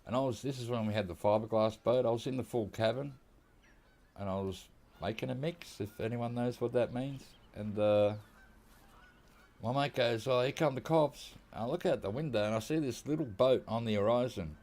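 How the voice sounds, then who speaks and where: A man with an Australian accent, a gaming YouTuber, tells casual, rambling stories with laughs and quoted lines as he plays a hunting game. His mid-range voice is a little mellow and he talks at normal speed.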